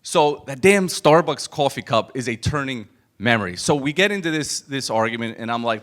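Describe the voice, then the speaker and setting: A man's voice: mid-range voice, normal speed, few pauses. A man giving a live motivational talk to an event audience, telling a personal story in a conversational way, with restarts and acted-out quotes. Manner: animated and conversational, full of fillers and restarts, acts out quoted dialogue. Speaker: business coach speaking to an event audience.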